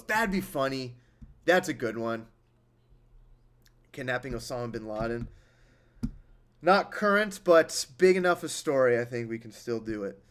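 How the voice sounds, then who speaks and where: High-voiced man chatting on a livestream. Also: a little slow. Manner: chatty, laughs easily, trails off quietly. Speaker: streamer reading donations. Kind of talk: casual livestream chat.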